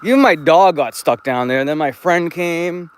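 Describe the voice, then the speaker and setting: A man's voice: fairly high pitch, normal speed, smooth. A man live streaming from his phone while walking outdoors, talking in a laid-back, rambling way and swearing freely. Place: outdoors, walking through a park and woods.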